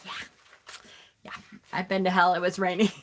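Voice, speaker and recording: A woman's voice: on the low side, completely flat delivery, moderate pace, slight background noise. A middle-aged woman hosting a live tarot stream, chatting casually with an exasperated, laughing manner.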